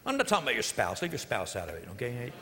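A man preaching a sermon, retelling a parable with lively storytelling and joking asides to the congregation. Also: medium pitch, very fast, in a large hall, a little hiss or hum. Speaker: pastor.

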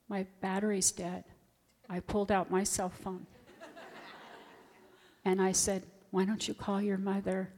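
A woman's voice: medium pitch, a little mellow. A middle-aged woman, a volunteer hospital chaplain, sharing a heartfelt testimony in church. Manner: earnest, heartfelt storytelling. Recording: long church reverb.

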